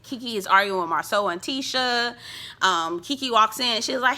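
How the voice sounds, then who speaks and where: A woman's voice: mid-range voice, animated, normal speed, background noise. A woman recapping a reality TV episode, sassy and gossipy, with frequent laughs. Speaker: TV reviewer. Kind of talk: casual reality-show recap.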